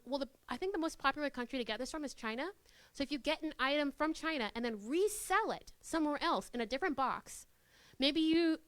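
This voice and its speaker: A high-pitched young woman gives a live workshop talk to students. She is animated and playful and slips into quoted voices to act out scenes. Her voice sounds close and dry, with almost no room echo. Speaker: workshop presenter. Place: university classroom.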